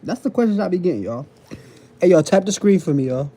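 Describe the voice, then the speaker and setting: A man lectures his live-stream viewers from his phone, repeating each point and asking if they follow. His talk is loose and slangy. The voice sits a little high but sounds very dark and mellow. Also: lively intonation, brisk. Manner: repetitive, preachy, keeps checking in with the audience; casual slang and profanity. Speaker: TikTok live host.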